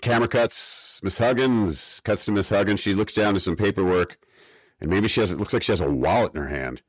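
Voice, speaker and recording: Very deep-voiced man, wry podcast co-host. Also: fairly quick, slightly rough, no room sound. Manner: wry, mock-academic rants. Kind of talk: casual chat recapping an episode.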